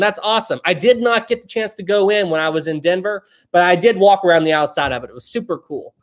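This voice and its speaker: A young man with a high voice hosts a live stream, talking a little fast. He chats casually and rambles while reading viewer questions, laughing often.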